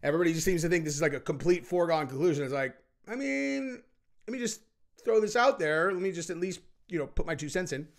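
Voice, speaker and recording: A man's voice: on the high side, lively intonation, fast. A man hosting his own show, giving casual opinion commentary in a rambling, emphatic way with frequent restarts. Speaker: show host.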